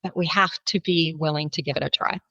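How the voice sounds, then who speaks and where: A woman guest on a podcast telling a personal story, animated and laughing often as she acts out what people said. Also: low-pitched, fast, no echo, lo-fi sound. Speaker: podcast guest, kindness speaker.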